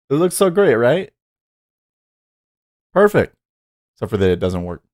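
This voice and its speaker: A man's voice: medium pitch, big pitch swings, a little slow, darkish tone. A man hosting a day trading livestream, talking casually and exasperatedly, swearing as he rants at the charts. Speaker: day trader streamer.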